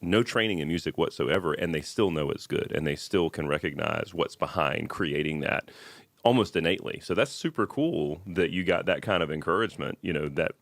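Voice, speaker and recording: A man hosting a podcast interview, encouraging and quick with affirmations. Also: a bass voice, vocal fry, fairly bright tone, no room sound. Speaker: podcast host. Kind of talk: casual interview.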